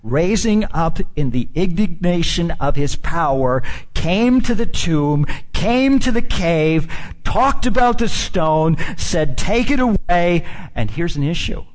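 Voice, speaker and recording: A middle-aged man preaching a sermon, swinging from hushed near-whispers to loud, emphatic peaks. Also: on the high side.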